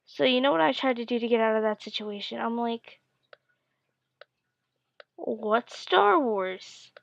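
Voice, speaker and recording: A tired young woman telling a casual story, rushing through it and slipping into breathy, whispered asides. Her voice sits a little high with a gravelly fry. The recording is dull, lo-fi and dry. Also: fairly even intonation, dry recording. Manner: fast-talking with whispered asides and stammered quotes. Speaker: vlogger.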